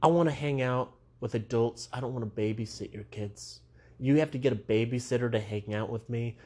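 A man's voice: mid-range voice, a little fast, darkish tone, breathy edge. A young man doing a rambling stand-up monologue, meandering and self-mocking, with frequent asides. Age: young adult. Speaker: stand-up comedian.

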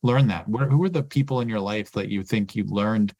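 A man's voice: on the low side, fairly quick, mellow, no echo, dull audio. A man hosting a podcast interview, asking long questions full of fillers. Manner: rambling, many fillers. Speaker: podcast host. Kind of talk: casual interview.

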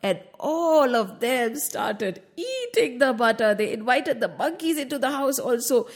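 A woman telling a children's story in a playful, expressive way, speaking to young listeners. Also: fairly high pitch, unhurried.

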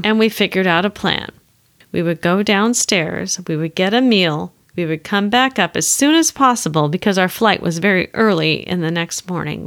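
A woman's voice: mid-range voice, no echo, clean studio sound. A woman counselor telling a candid personal story and reflecting on what she could have done differently.

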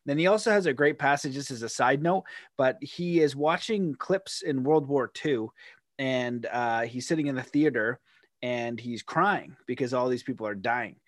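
A man's voice: medium pitch, moderate pace, no echo, clean studio sound. Chatty man hosting a podcast. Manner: rambling, animated storytelling with playful paraphrased quotes. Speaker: podcast host. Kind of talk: casual conversational interview.

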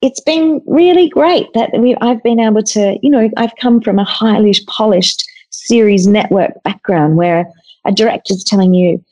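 A woman chatting as a podcast guest over a video call. Her voice is mellow and warm, and she tells stories in an expressive, chatty way. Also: medium pitch, moderate pace, poor audio. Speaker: guest cook and author.

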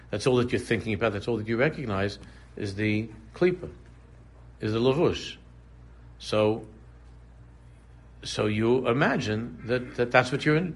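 A Torah teacher with a husky, medium-pitched voice leads a casual religious class. He talks conversationally, repeats phrases, and drifts into humorous examples.

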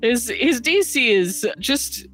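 A woman's voice: fairly high pitch, lively intonation, slow, fairly bright tone, faint music behind, low-quality recording. A woman running a tabletop game as game master, narrating playfully and laughing often.

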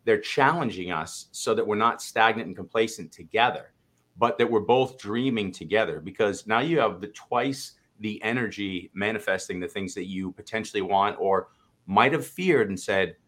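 A man's voice: lowish voice, moderate pace, a bit bright. A man co-hosting a podcast, speaking in a candid, reflective way that rambles and restarts. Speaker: podcast co-host. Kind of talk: casual conversation.

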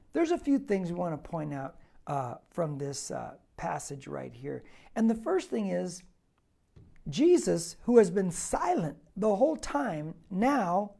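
A man's voice: high voice, gravelly, darkish tone. A male pastor teaching a Bible passage verse by verse, preaching emphatically with repetition and rhetorical questions.

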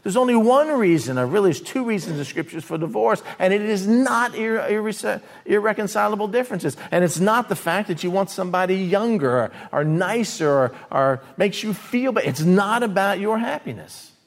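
Plain-talking male preacher, lively delivery. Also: high-pitched, moderate pace, few pauses. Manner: conversational, acts out quoted voices, swings between loud and hushed. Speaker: pastor. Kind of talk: sermon.

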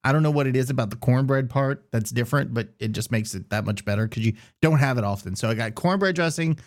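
A man's voice: medium pitch, fast talker. A young man co-hosting a casual sports podcast who teases and gives his opinions bluntly. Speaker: podcast co-host.

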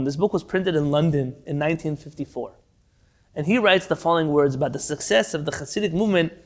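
A man teaching a class over a video call, with a fairly high pitch for a man. He tells stories in an animated, conversational way. He sometimes restarts a phrase as he goes. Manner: animated storyteller, some restarts. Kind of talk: online class, storytelling lecture.

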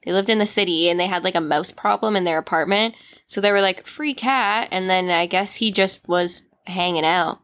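A woman's voice: on the low side, fairly bright tone. Chatty woman in casual conversation, replays her own reactions as she tells stories. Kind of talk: casual chat.

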